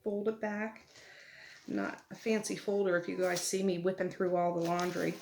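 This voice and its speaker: A middle-aged woman chatting casually while she opens mail at home, with soft laughs between remarks. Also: on the low side, level tone, normal speed. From Nova Scotia, Canada. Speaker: vlogger. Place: family home at night. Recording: echoey room, audible background noise.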